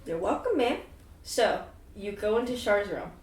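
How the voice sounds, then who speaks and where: A woman's voice: medium pitch, lively intonation, a little slow, recorded from a distance, a little hiss or hum. A woman running a tabletop game as game master, chatty and laughing, often trailing off with fillers. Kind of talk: narrating a tabletop game with friends. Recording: echoey room, mic from afar.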